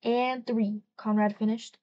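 A woman's voice: on the high side, little pitch movement, unhurried, muffled recording. A woman narrating a first-person novel as an audiobook, reading expressively and lightly acting out the dialogue.

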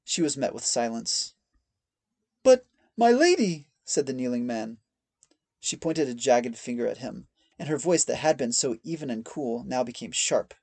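Gravelly-voiced male audiobook narrator. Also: mid-range voice, a little mellow, no room sound. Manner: measured storytelling reading. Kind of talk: scripted narration.

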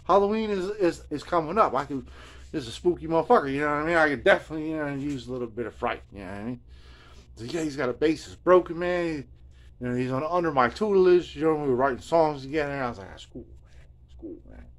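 A man's voice: on the high side, fast. A middle-aged man from New Jersey hosting a guitar video journal, telling a rambling, laid-back story and saying "man" and "you know what I mean" often.

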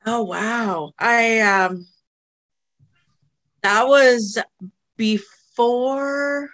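Slow-spoken heartfelt Canadian woman. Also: a little high, fairly even intonation, a bit bright. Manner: heartfelt, emotional. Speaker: podcast guest, speaker. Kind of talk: casual conversation.

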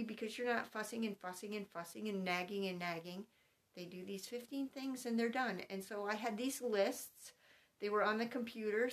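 A middle-aged woman in an instructional talk, speaking in an even, unhurried way. She lays out her advice step by step, careful and precise with each point, like a homeschooling mother coaching other parents. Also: medium pitch. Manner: calm, methodical, spells things out point by point.

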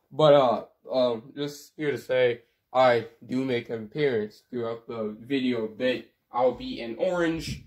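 A man talking casually in a comedic vlog rant, profane, sarcastic and self-mocking, with exaggerated, melodramatic frustration. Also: medium pitch. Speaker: sports fan YouTuber.

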